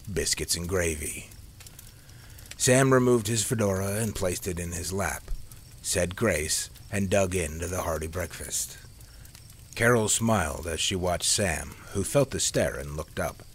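Brief: low-pitched man, measured audiobook storytelling, faint hiss. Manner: steady, measured reading. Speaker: narrator.

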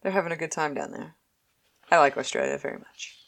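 A woman casually recapping a TV episode with a co-host, playful and quick to act out the characters. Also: sits low, lively intonation, gravelly, fairly bright tone. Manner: playful, acts out characters in quick voices, laughs often. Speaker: podcast co-host.

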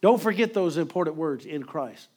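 Guy preaching fast and emphatic, voice sits a bit high, acts out other people's lines. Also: animated, darkish tone, slightly rough. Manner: emphatic, acts out quoted voices, quick delivery. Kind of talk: sermon.

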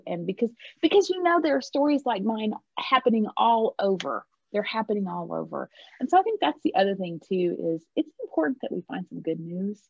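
A woman's voice: medium pitch, big pitch swings, fast, gravelly, slightly rough, dry recording. A woman guest on a podcast, talking in a reflective, rambling way with frequent restarts. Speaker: guest, HR leader. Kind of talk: casual podcast conversation. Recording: dull lo-fi call audio.

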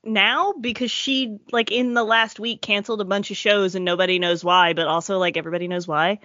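Wry bright-voiced woman. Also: medium pitch, fairly even intonation, a little fast, dry recording, muffled recording. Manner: dry, wry quips. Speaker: podcast guest. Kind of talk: casual comedic chat.

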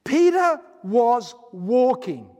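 A man preaching a sermon, slow and emphatic, stretching words and repeating phrases for weight. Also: extremely high pitch, sing-song, a little mellow. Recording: long hall reverb.

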